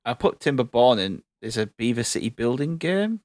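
A man's voice: medium pitch, sing-song, normal speed, a little mellow, no echo, clean studio sound. A man co-hosting a podcast in casual chat, blunt and offhand. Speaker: podcast co-host.

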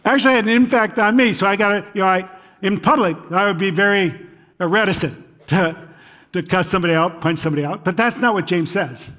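A man's voice: sits high, fairly quick, pushed and bright. A middle-aged man preaching a conversational sermon, often checking in with the listeners as he goes. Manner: conversational, frequently checks in with "right?". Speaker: pastor.

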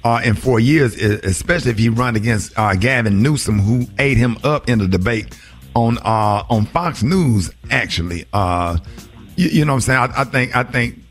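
A man hosting a morning radio show, animated, his pitch jumping high when he jokes. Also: moderate pace, soft background music.

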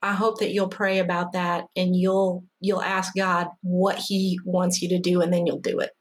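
A woman's voice: on the low side, completely flat delivery, normal speed. Host, female, frank and firm, conversational. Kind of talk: conversational interview.

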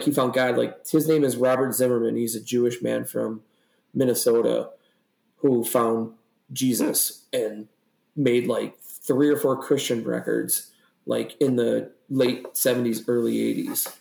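A man's voice: mid-range voice, measured pace, vocal fry. A young man co-hosting a podcast, rambling and swearing as he tells stories in a casual chat. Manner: rambling, profane, animated storytelling. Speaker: podcast co-host. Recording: echoey room.

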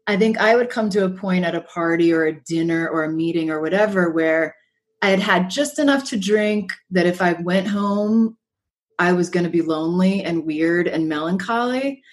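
A woman guest author talking thoughtfully in a podcast conversation, often pausing to find her words. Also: lowish voice. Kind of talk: reflective conversation.

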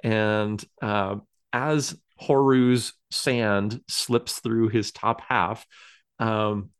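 A man's voice: fairly low pitch, fairly even intonation, drawn-out words, smooth. A man co-hosting a podcast, chatting casually and rambling with many fillers and small laughs. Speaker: podcast co-host. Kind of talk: casual chat.

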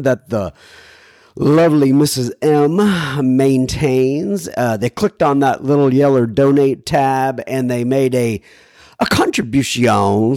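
A man hosting a recovery podcast with a hoarse, sick voice, talking in a rambling, folksy, self-deprecating way. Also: medium pitch, darkish tone. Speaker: podcast host. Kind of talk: casual recovery podcast talk.

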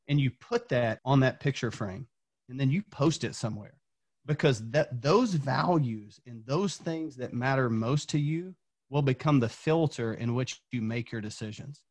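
A man's voice: medium pitch, moderate pace, darkish tone. A man from Tennessee, a former coach, telling an earnest motivational story as a podcast guest, repeating words when fired up.

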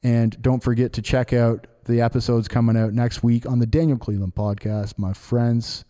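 A man's voice: medium pitch, flat delivery, normal speed, mellow. A man hosting a podcast, telling a personal story casually with lots of fillers and restarts. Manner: rambling, many fillers and restarts. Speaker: podcast host.

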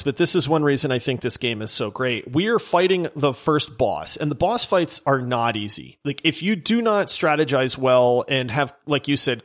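A man co-hosting a gaming podcast, telling stories from play sessions in a lively, animated way. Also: mid-range voice. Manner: animated storytelling, bursts of shouting when reliving wins. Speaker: podcast co-host. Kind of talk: casual gaming podcast chat.

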